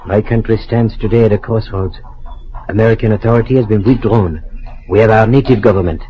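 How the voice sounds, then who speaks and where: An actor playing a cynical, suave Paris-educated doctor in an old-time radio drama, speaking in a smooth, dry way. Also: male voice, on the low side, a little fast, natural voice. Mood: earnest. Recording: dull lo-fi old radio recording with faint hiss.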